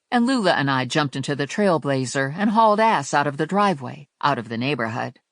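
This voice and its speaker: A woman narrating a first-person crime audiobook with wry, expressive storytelling. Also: rumbling low, no echo, studio quality. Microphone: close studio mic.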